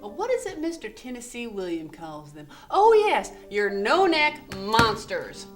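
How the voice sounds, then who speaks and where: A woman's voice: mid-range voice, wildly swooping pitch, fairly quick, dark tone, soft background music. A woman playing a tipsy, catty dinner friend. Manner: sarcastic, teasing, theatrical. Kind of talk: indie film acting.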